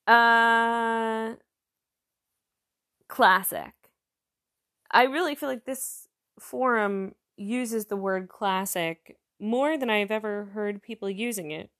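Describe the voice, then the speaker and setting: A woman's voice: a little high, slow, long pauses, a bit bright. A woman casually telling jokes aloud and chatting about each one as she goes. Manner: chatty, reads jokes aloud and comments on them.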